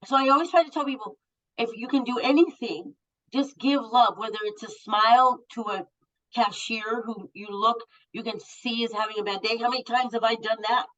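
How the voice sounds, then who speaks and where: A woman's voice: on the high side, fairly even intonation, normal speed, fairly bright tone. A woman in her fifties, a guest telling candid stories in a blunt way and swearing freely. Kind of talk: candid storytelling. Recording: muffled lo-fi audio.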